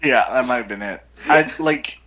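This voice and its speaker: A podcast co-host chatting casually, quick and joking, often agreeing with a laugh. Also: medium pitch, a bit bright. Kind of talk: casual chat.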